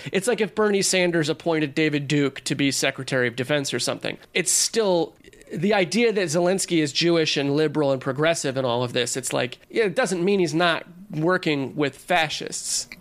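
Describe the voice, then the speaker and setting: A man's voice: on the high side, brisk, a bit bright. A man co-hosting a podcast, chatting casually and animatedly with lots of filler words. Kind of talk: casual political chat.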